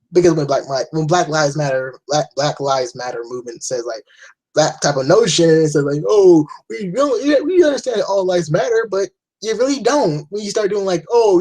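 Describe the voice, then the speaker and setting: A young man talks straight to camera in a loose, rambling rant, blunt and full of swearing and false starts. His voice is husky and sits somewhat high. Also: a little mellow, low-quality recording. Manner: rambling, blunt, swears often, frequent restarts. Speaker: vlogger. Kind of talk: casual opinion rant.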